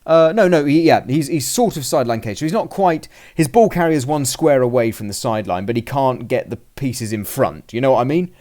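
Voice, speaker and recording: A man's voice: mid-range voice, expressive, fairly quick, hardly any pauses, a little mellow. A man in casual chat, recounting a tabletop game turn by turn in a rambling way, often restarting and acting out what he and his opponent said. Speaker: podcast host recounting a game. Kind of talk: casual chat, play-by-play recap.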